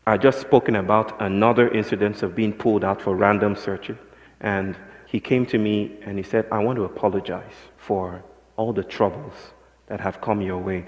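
Brief: lower-voiced man, measured philosophical speaker, hall echo on the recording. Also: muffled recording. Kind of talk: reflective public talk. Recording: long hall reverb.

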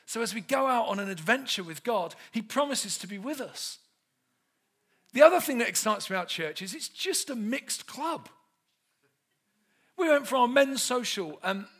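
Animated preacher with a lively voice. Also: male voice, sits high. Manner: animated storyteller, self-mocking humour. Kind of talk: humorous sermon.

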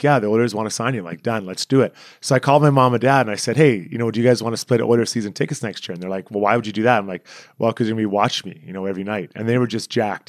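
A Canadian man in his forties tells stories from his playing days at a brisk clip. He is chatty and self-deprecating, and he livens up as he retells a scene. The sound is dry and close, with no room in it. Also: medium pitch, no echo. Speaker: former hockey player, guest. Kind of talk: casual interview storytelling.

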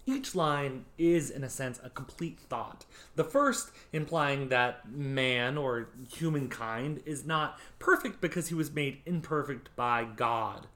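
A man with an ordinary middle-pitched voice lectures on poetry. He explains patiently and conversationally, often pausing on "um" and restarting his sentences as he goes. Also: expressive, sharp tone. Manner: explains patiently with frequent ums and small restarts. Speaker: poetry instructor.

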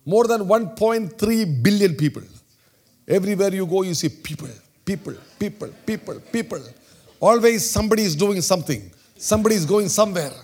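A man from southern India with an Indian accent, preaching a sermon and telling a personal story, swinging between loud, animated exclamations and hushed, quiet storytelling. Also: sits high, a little fast, slightly rough. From Kerala, southern India.

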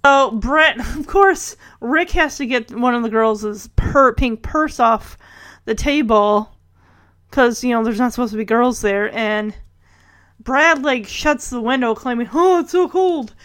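High-voiced woman recapping an episode. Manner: animated, laughs often, acts out lines in quick voices. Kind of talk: casual episode recap with quoted dialogue.

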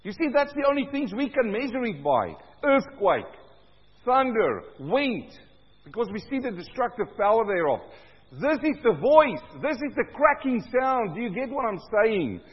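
A high-pitched man preaches a booming sermon, his voice swelling loud as he reads scripture to the congregation. The sound is dull and lo-fi, and a long reverb trails after each phrase. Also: sing-song, moderate pace, breathy edge. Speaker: pastor.

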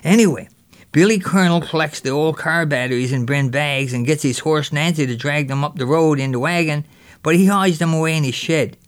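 A man's voice: a little high, brisk, clear, resonant tone, lightly acted. A man doing a cheeky boy. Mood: boastful. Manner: lively yarn-spinning with local dialect. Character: mischievous boy telling a raiding tale. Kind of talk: character storytelling.

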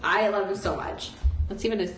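A woman's voice: mid-range voice, fairly quick, a bit bright, faint music behind. A young woman in her twenties co-hosting a podcast in casual chat, full of "like" fillers. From Vancouver, Canada. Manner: chatty, filler-heavy with frequent "like". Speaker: podcast co-host. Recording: echoey room with faint noise.

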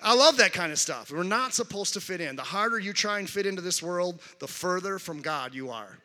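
A man's voice: high voice, animated, a little fast, pushed and bright, in a large hall. A male pastor preaching a conversational sermon to his congregation, with frequent restarts and call-outs to the crowd. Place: large church hall.

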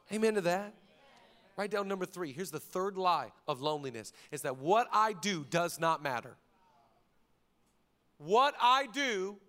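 Guy preaching a sermon, high bright voice, goes from quiet to shouting, acts out little dialogues. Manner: preaching with swings from hushed to shouted emphasis. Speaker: pastor.

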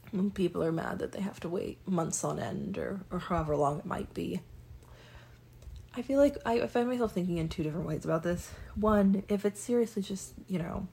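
Young woman, raspy and creaky, fairly low voice, rambling casual vlog chat. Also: a little mellow. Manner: rambling, self-deprecating, many ums and restarts. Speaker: vlogger. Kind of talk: casual monologue.

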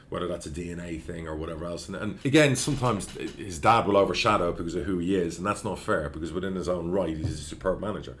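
A man's voice: low voice, a little hiss or hum. A man, a football club chairman telling stories in an interview, blunt and profane. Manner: blunt, profane, animated storyteller. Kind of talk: anecdotal interview storytelling.

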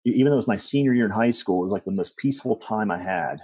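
Man, middle-aged, low dark voice, husky, rambling storyteller, dry close sound. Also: rapid-fire, no room sound. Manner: rambling, with frequent restarts and asides. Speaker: guest. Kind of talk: personal storytelling in conversation.

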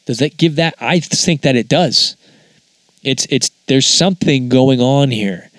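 A man talks through his thoughts in a loose, conversational monologue, drifting off track and circling back. His voice sits at a middling pitch. The sound is dry and close, with no room echo. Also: a little slow, fairly bright tone. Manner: musing, conversational, wanders off track. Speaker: podcast host. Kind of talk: casual spoken monologue.

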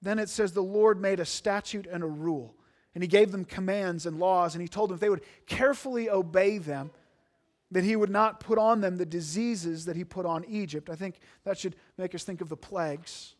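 Male pastor, high-pitched, earnest sermon delivery with emphatic stresses and frequent restarts. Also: moderate pace.

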